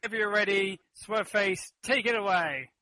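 A man's voice: high voice, moderate pace, bright, forceful tone, dry recording, low-quality recording. A man hosting an improv comedy game, upbeat and giving prompts game-show style. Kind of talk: casual comedy podcast chat.

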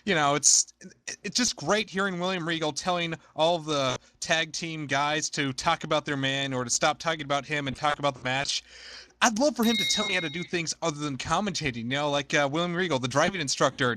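A man on a podcast panel with a bright, sharp, slightly high voice. He teases and builds up gags with a jokey delivery. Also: moderate pace, no echo. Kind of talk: comedic segment.

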